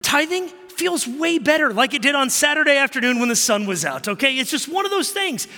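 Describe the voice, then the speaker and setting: A male pastor delivers a sermon with an animated, storytelling delivery, acting out quoted exchanges. His voice is high and very bright, and it rings with a long hall reverb. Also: a little fast.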